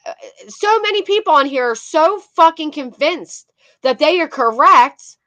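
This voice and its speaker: A woman's voice: high voice, lively intonation, unhurried, pushed and bright, no echo. A woman hosting casual commentary on video clips, blunt and swearing, talking to her chat between clips. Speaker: commentary host.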